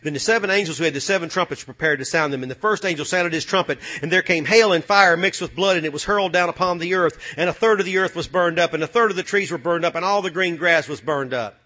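A man preaching a sermon, swinging from loud, fiery passages to low, muttered asides. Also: fast talker, few pauses.

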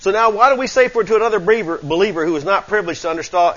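Folksy Southern preacher man, bright voice. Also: high voice, rapid-fire, dull audio. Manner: folksy, emphatic preaching with call-outs to the congregation. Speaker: pastor. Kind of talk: sermon.

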